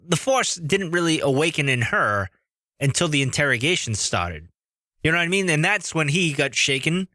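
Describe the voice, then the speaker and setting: A man co-hosting a podcast, chatting casually and animatedly while acting out what characters might say. His voice is bright and forward. The sound is dry and close. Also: mid-range voice, no room sound. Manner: animated, acts out quotes of characters. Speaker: podcast co-host. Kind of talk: casual fan speculation chat.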